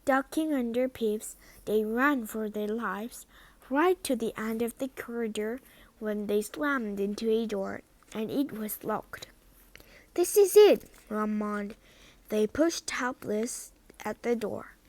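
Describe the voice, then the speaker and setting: Woman reading a storybook slowly. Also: fairly high pitch, dry recording. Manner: slow, careful, sometimes whispered. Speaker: reader.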